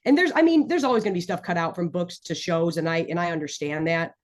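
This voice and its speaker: Chatty low-voiced woman podcaster. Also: fast, a little hiss or hum. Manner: enthusiastic, rambling fan talk. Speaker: podcast co-host. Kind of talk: casual chat.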